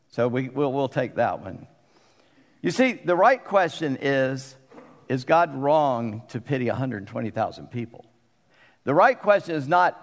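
A man's voice: a little high, normal speed. A middle-aged man preaching a conversational sermon as pastor, often putting questions to the congregation. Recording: long reverb of a church hall.

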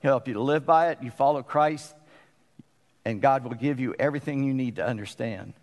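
A man preaching a sermon as pastor, folksy and conversational, with emphatic pauses. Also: mid-range voice, in a large hall.

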